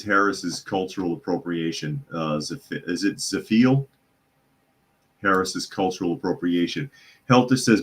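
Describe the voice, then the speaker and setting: A man hosting a live news talk podcast, reading out chat comments in a sarcastic, opinionated and rambling way. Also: deep voice. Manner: rambling with fillers and repeats. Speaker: podcast host.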